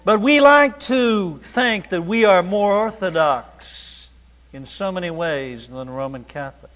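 A man preaching a sermon in an emphatic, deliberate manner in a large church hall. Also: fairly high pitch. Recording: dull audio with long hall reverb.

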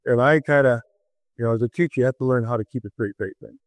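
A man's voice: fast talker, dry recording, low-quality recording. A man preaching a sermon, telling a Bible story with dramatic swings in his voice and asking the listeners rhetorical questions. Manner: dramatic, swings pitch to act out quoted voices.

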